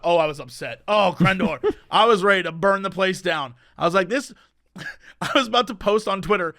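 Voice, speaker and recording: A man co-hosting a podcast, ranting and telling stories in an animated casual chat. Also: sits high, moderate pace, no echo, studio quality. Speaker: podcast co-host.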